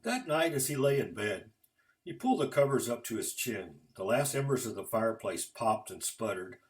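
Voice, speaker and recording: A man narrating a story at a measured pace. His voice is low, and his pitch moves with lively expression. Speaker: author and storyteller. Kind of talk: reading a story aloud.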